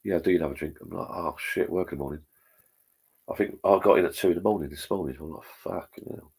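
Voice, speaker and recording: A man's voice: low voice, fast, darkish tone, slightly rough. A middle-aged man hosting a live stream, chatting bluntly with plenty of swearing and reading out viewer comments. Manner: blunt, sweary, rambling pub talk.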